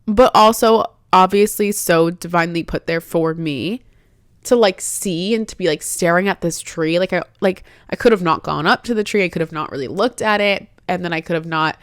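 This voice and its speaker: A woman in her late twenties talks candidly on her own podcast, her voice sitting a little low and dry. She rambles warmly through a personal story with frequent "like" fillers, sincere and heartfelt. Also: moderate pace, no room sound. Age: 20s. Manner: chatty, full of "like" fillers, heartfelt. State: tearful, emotional at times. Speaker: podcast host.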